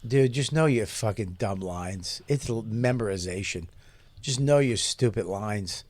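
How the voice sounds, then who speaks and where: A man's voice: lowish voice, animated, measured pace, darkish tone. A young man co-hosting a podcast, talking bluntly and with lots of swearing in casual comedic chat. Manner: blunt, profane, emphatic. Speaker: podcast co-host.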